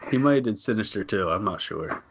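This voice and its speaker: A man's voice: fairly low pitch, lively intonation, fairly quick, lo-fi sound, background noise. A man co-hosting a casual movie podcast, rambling in a laid-back, profane way. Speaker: podcast co-host. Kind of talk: casual banter about movies.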